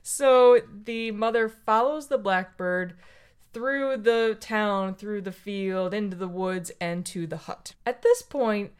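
A woman's voice: mid-range voice, slow, clean tone. A woman co-hosting a podcast, chatting casually as she retells a picture book and acts out the lines of its characters. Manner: animated storyteller, acts out quoted voices. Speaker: podcast co-host.

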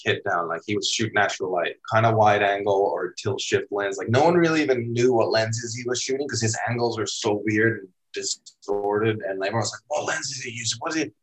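A man's voice: on the low side, a little fast, hardly any pauses, rough recording. A man from Finland, a guest in an interview, telling a long story casually with lots of "like" and "dude". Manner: laid-back, rambling, heavy use of "like" and "dude". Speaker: interview guest, photographer and former skater.

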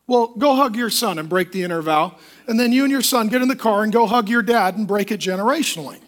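A man preaching a sermon as a pastor, emphatic and lively, often acting out the voices of the people he quotes. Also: sits high, fast talker.

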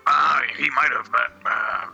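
A man's voice: mid-range voice, fairly even intonation, measured pace, creaky, bright, forceful tone, husky, dull audio, faint music behind. A male co-host on a comedy podcast who stammers through tangled restarts.

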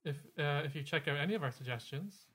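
A man's voice: a little high, fast talker, fairly bright tone, husky. A man co-hosting a podcast in casual chat, rambling along with plenty of fillers and restarts. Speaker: podcast co-host.

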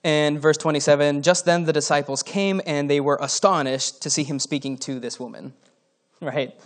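A man delivers a sermon in a loose, conversational manner. He reads scripture aloud, then breaks off into offhand asides and the occasional chuckle. His speaking voice sits a little on the high side. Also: normal speed. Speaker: preacher.

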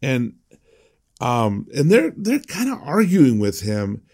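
A man's voice: medium pitch, wildly swooping pitch, takes it slowly, a little mellow. A man preaching a conversational sermon as a pastor, emphatic and prone to repeating words.

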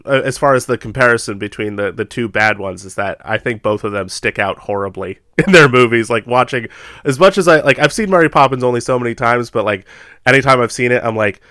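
A man's voice: medium pitch, bright, forceful tone, no echo, studio quality. An American man in casual chat about films, laughing often and acting out quotes in funny voices. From United States.

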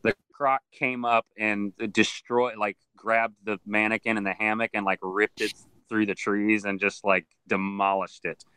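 A man who works with alligators and crocodiles tells stories in a casual interview, slipping into other people's voices as he goes. His voice sits a little low and sounds bright and crisp. The sound is dry and close. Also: flat delivery, a little slow, hardly any pauses, no room sound, rough recording. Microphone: video call.

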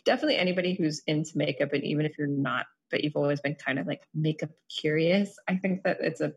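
Rambling woman with a lowish voice. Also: steady tone, quick pace, husky. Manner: chatty, rambling with "like" fillers. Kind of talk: casual chat.

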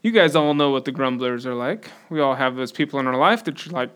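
A man's voice: fairly high pitch, moderate pace. A man giving a conversational sermon, acting out the quotes he reads. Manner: conversational, animated, acts out quotes. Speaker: preacher.

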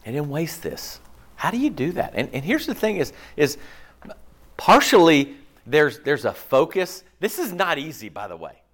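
A man preaching a sermon in an animated, rhetorical way, often checking in with the congregation. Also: a little high, moderate pace. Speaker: pastor.

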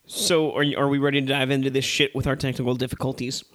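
A man co-hosting a casual movie review chat, ranting with animated, profane exasperation. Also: medium pitch, quick pace.

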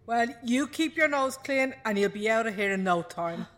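An actress playing a jolly but firm female prison officer who hushes a rowdy group. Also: fairly high pitch, animated. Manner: brisk, coaxing, hushing a rowdy crowd. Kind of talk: film drama acting. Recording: film scene with a crowd of women behind.

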